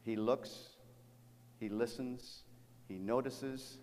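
Earnest middle-aged pastor in a reverberant hall. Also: male voice, medium pitch, steady tone, a little mellow, slight background noise. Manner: earnest, halting storytelling with repeated words. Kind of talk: sermon. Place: church sanctuary. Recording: long reverb of a large hall.

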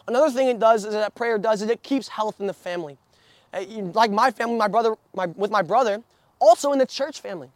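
A man's voice: high voice, fast, no echo. A young man preaching a sermon, telling stories with many restarts and fillers. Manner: storytelling with frequent restarts and filler.

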